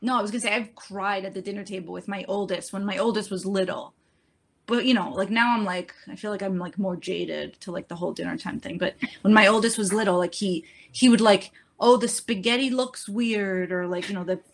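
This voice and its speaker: A middle-aged woman chatting casually, animated and rambling, with lots of fillers and restarts. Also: medium pitch, a little fast, gravelly. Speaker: parent in group chat. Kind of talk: casual chat.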